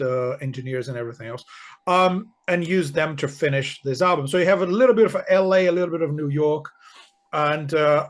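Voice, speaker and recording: Brief: a male co-host with a fairly high voice, hesitant and hedging, full of "uh" and "I think". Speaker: podcast co-host. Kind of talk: casual chat.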